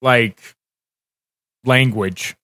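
A man's voice: medium pitch, steady tone, extremely slow, pushed and bright, dry recording, clean studio sound. A man co-hosting a podcast in casual chat, rambling, self-deprecating and laughing often. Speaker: podcast co-host.

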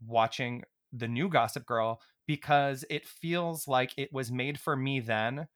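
A man's voice: medium pitch, unhurried, a bit bright. A man hosting a casual interview, talking with fan enthusiasm and lots of filler words. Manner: enthusiastic, gushing fan talk full of "like".

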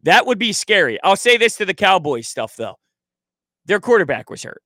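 A sports radio co-host with a high, sharp and bright voice asks probing questions and fires back quick reactions to his partner. He is recorded close and dry in the studio. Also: big pitch swings, no room sound. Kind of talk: casual sports talk.

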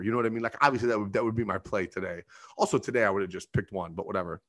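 A man's voice: lowish voice, rapid-fire, fairly bright tone. A man in his thirties hosting a podcast, telling a rambling, profane, self-mocking story in casual monologue. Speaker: podcast host; bartender.

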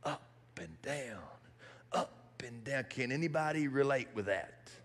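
A man preaching a sermon in a church hall, animated and building to shouts. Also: medium pitch, measured pace.

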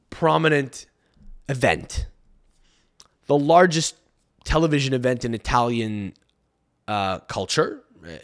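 A man's voice: medium pitch, a bit bright. A young man hosting a podcast, ranting in a frantic, rambling and profane way. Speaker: podcast host. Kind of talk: solo podcast rant.

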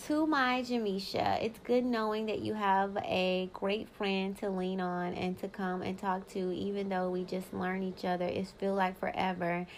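Gravelly-voiced woman podcast host, candid. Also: mid-range voice, little pitch movement, normal speed, hardly any pauses, slight background noise. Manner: candid, profane and emphatic, talks straight to listeners. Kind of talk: casual solo podcast monologue, reading old yearbook notes aloud.

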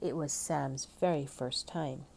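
A woman narrating a storybook read-aloud in a gentle, measured way. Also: rumbling low, fairly even intonation, vocal fry.

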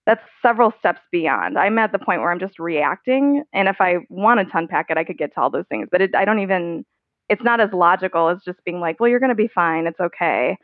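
A woman guest on a podcast talks candidly in a conversational interview, her lowish voice animated and fairly quick. She laughs often and fills her speech with lots of "like." The line sounds tinny and phone-like, with no echo.

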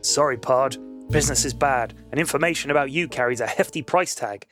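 A man voicing a grubby, scheming male alien bartender, gruff and wheedling, with guitar music behind him. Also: mid-range voice, fairly quick, fairly bright tone, close to an everyday voice. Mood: sly.

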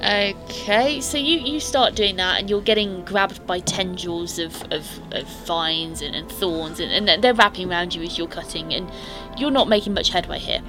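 A woman's voice: lowish voice, normal speed, hardly any pauses, over music. A woman, running a tabletop game as game master and describing scenes in detail. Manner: descriptive, restarts and fillers while narrating.

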